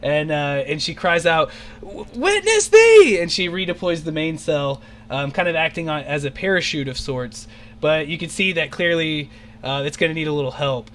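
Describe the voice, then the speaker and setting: Bright, keyed-up dungeon master. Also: male voice, on the high side, fairly even intonation, slight background noise. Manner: rambling, filler-heavy, quick to shout out character lines. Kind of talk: narrating an online tabletop game. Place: home, on an online voice call.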